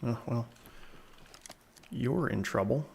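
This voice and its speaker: A man's voice: medium pitch, slow, vocal fry, a little hiss or hum. A Canadian man streaming a shooter game, talking through it casually and wryly, reading chat aloud. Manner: relaxed, chatty, wry, often laughing. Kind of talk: casual gameplay commentary.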